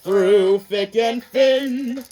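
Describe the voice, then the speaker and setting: A woman voicing a sentimental male tank engine in a fan cartoon, sing-song and warm-hearted in his phrasing. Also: fairly high pitch, drawn-out words, faint music behind.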